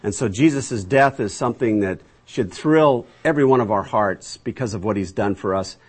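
A man's voice: lowish voice, moderate pace, breathy edge. A man teaching a conversational Bible lesson, asking the class rhetorical questions and restarting his sentences often.

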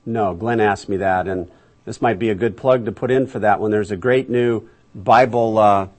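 Husky guy leading a bible class, chatty, lots of isn't it and did you get that, restarts a lot. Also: on the low side, normal speed. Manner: asks the class rhetorical questions, repeats words as he restarts. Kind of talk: conversational Bible lesson.

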